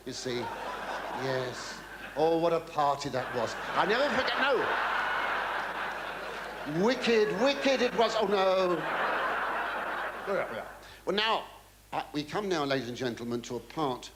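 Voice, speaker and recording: A man's voice: medium pitch, noisy background. A man doing a camp, theatrical stand-up act with the audience. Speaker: comedian. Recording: echoey live venue with laughter.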